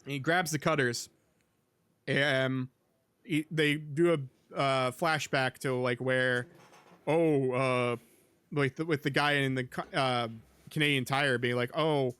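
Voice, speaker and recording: A man's voice: mid-range voice, steady tone, unhurried, a bit bright, clean tone, no room sound. A man hosting a podcast, recapping a film in casual chat, rambling with lots of ums and likes. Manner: rambling, filler-heavy, with many ums and likes. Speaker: podcast host.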